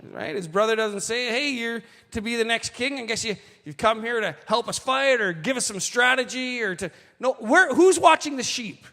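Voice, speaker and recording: A man preaching a sermon, reading scripture and adding animated asides to the congregation. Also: very high voice, vocal fry, long reverb tail. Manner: animated, slows for quoted lines, asides to the congregation. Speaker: pastor.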